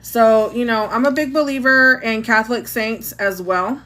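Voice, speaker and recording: Woman host of a casual livestream, fairly high voice, chatty and reactive to her chat. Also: moderate pace, bright, forceful tone. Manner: chatty, answers chat comments, restarts and fillers. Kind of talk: casual live chat about astrology and gossip.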